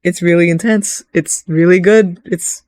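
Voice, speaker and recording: A woman giving a casual, rambling recap of a video game, chatty and animated, often slipping into quick voices for the characters. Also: lowish voice. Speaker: gaming vlogger.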